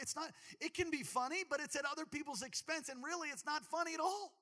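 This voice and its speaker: A man preaching a sermon to a congregation, animated and jokey, talking straight to the people in the church. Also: very high voice, fast talker, hardly any pauses, in a large hall. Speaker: pastor.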